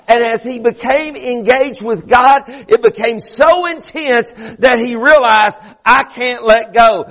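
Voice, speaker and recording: A man's voice: very high voice, long reverb tail. A middle-aged male pastor preaching a sermon, fervent, restarting phrases and repeating words as he builds.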